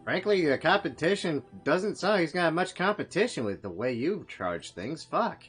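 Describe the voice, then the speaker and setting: A man at a tabletop game talks casually, swearing in exasperation. His pitch jumps around a lot, and faint music plays behind him. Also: big pitch swings, moderate pace, fairly bright tone, slightly rough. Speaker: player.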